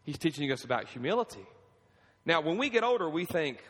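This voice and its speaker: A man in his thirties preaching a sermon as pastor, fervent, swinging from quiet pleading to high emphatic lines and asking for amens. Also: very animated, brisk, breathy edge. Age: 30s. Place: church sanctuary. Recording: long reverb of a church hall.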